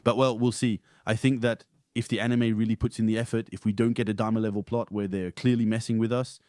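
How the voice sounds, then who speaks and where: A man's voice: on the low side, little pitch movement, fast talker, darkish tone, dry recording, studio quality. A man co-hosting a podcast in casual chat, blunt and opinionated in how he talks. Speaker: podcast co-host.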